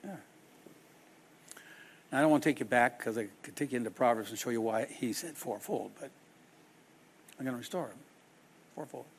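A man preaching a sermon, dramatic and expressive, acting out the people he quotes. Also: medium pitch, slightly rough. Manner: dramatic, acts out quoted people in shifting voices.

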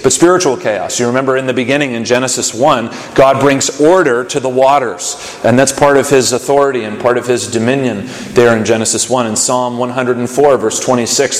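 A man preaching a sermon, earnest and building to urgent questions, with fillers and restarts. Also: medium pitch. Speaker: pastor. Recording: echoey hall reverb.

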